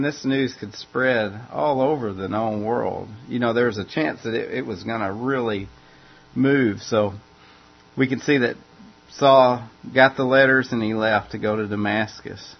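Gravelly, husky male preacher. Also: mid-range voice. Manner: informal, repeats and restarts phrases as he explains. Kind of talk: conversational Bible teaching. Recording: dull lo-fi recording.

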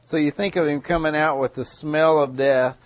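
A man preaching a sermon in a dramatic way, with loud cries and long hushed pauses. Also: on the high side, steady tone, no echo, highs cut off.

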